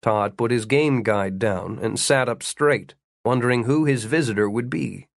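Male audiobook narrator; wry, measured storytelling, middle pitch, dry studio recording. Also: creaky, no echo. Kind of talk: scripted narration.

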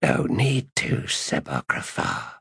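A man voicing a cold, controlled stranger who threatens an assassin in an audiobook, in a raspy near-whisper. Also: very deep voice, huge pitch swings, takes it slowly, fairly bright tone, no echo, clean studio sound, voice pushed down, full character voice. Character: menacing mysterious male stalker, cold and controlled. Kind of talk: audiobook narration.

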